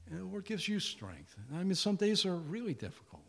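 Older pastor preaching with lively storytelling. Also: male voice, brisk, gravelly. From Indiana, USA. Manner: storytelling, acts out dialogue, lively pitch. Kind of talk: sermon.

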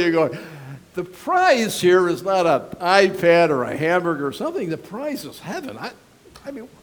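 Middle-aged pastor guy preaching casually, voice jumps all over, kinda high. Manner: animated, storytelling, frequent restarts. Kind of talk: conversational sermon.

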